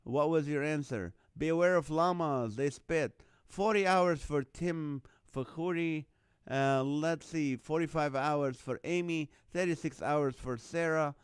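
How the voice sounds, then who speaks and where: Hosting a relaxed live online show, a man from the Middle East laughs frequently as he reads out viewers' comments, guesses, names, and numbers in a jokey way. His voice is fairly high, a little slow, clear, and resonant, on clean, dry studio audio.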